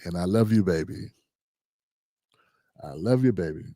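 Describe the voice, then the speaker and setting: Low-pitched and warm, his animated voice moves at a measured pace in a clean studio recording with no room sound. He's a middle-aged man hosting a casual political talk show, playfully riffing with slang and audience asides in livestream-commentary style.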